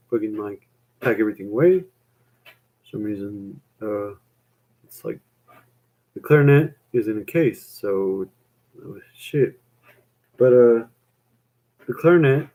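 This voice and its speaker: A man's voice: medium pitch, darkish tone. A young man chatting on a live stream, rambling with lots of fillers and casual swearing.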